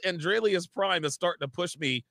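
A man's voice: high voice, fast talker, gravelly, fairly bright tone, no echo, studio quality. A man hosting a podcast, chatting casually in a blunt, profane way. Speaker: podcast host.

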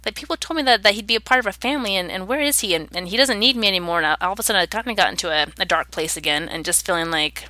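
A woman's voice: mid-range voice, very fast, hardly any pauses, pushed and bright, dry recording. A woman in her thirties, an interview guest, telling a personal story in an earnest, reflective way.

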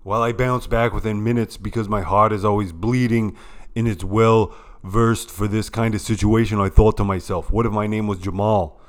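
A man doing an impression of a loud, ranting elderly male politician who fires off indignant rhetorical questions. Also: on the low side, fairly even intonation, moderate pace, natural voice.

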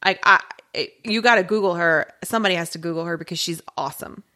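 Bright, lower-pitched woman podcast host. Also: fast. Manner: rambling, lots of filler words, trailing off. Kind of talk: casual chat.

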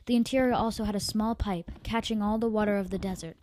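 A woman's voice: mid-range voice, fairly even intonation, fast, darkish tone, a little hiss or hum. A woman storyteller reading her own story aloud, an amateur reader who stumbles and corrects herself. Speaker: podcast storyteller.

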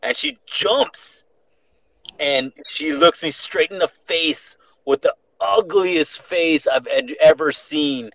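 A man's voice: fairly high pitch, slow pace, dry recording, low-quality recording. A young man hosting a casual podcast, telling a scary story with lots of swearing and restarts. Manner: profane, animated, restarts often.

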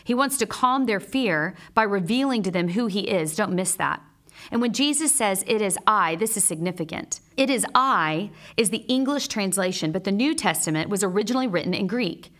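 This earnest speaker, a mother and Bible teacher, reads a prepared devotional lesson at a steady, measured pace. She mixes scripture with stories from her own life, her voice resting at a typical middle pitch.

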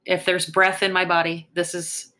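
A woman's voice: on the low side, little pitch movement, moderate pace, pushed and bright. A woman hosting a faith podcast, speaking in an encouraging, prayerful manner. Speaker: podcast host.

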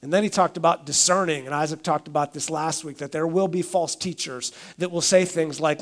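A man's voice: a little high, fairly even intonation, brisk, hardly any pauses. A middle-aged man, a pastor, preaching a sermon in a conversational way, acting out everyday quotes.

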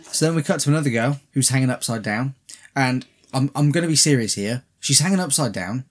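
A man's voice: mid-range voice, animated, a little fast. A man co-hosting a casual film review chat, sweary and sarcastic as he recaps scenes. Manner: sarcastic, recaps the plot with mocking quoted voices. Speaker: podcast co-host reviewing a film.

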